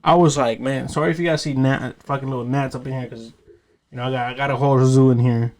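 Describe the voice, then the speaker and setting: A man's voice: medium pitch, fast talker. A man in his late twenties hosting a podcast, telling stories in a casual, swearing chat. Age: 20s. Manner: animated storytelling, heavy swearing. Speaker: podcast host.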